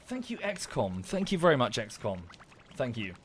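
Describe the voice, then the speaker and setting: The pitch sits in the middle but swoops wildly, at a normal speed, with slight background noise. A chatty game streamer from southern England with an Estuary English accent, he gives casual livestream commentary while gaming, thanks viewers by name, and mutters and swears at the game.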